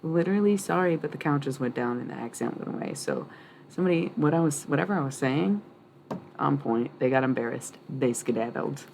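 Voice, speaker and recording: A woman's voice: a bass voice, animated, a little fast, vocal fry, a little mellow, slight background noise. A woman reading tarot cards on a livestream, rambling and blunt, swearing freely and laughing often.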